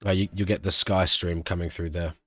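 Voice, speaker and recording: A man's voice: low voice, brisk, no echo. Chatty man giving live race commentary. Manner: chatty, answers chat questions, breaks into excited shouting at big moments. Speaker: streamer hosting an F1 watch-along.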